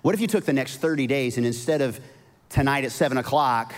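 A middle-aged male pastor preaching a sermon, telling a family story with animated swings and soft, quiet asides. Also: mid-range voice, a little fast. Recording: long reverb of a large hall.

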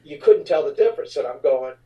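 A middle-aged man from the New Orleans area, a rock frontman telling stories in an interview, relaxed and rambling with many fillers. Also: fairly high pitch, quick pace, recorded from a distance, highs cut off. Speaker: rock band frontman, guest. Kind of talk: casual interview storytelling.

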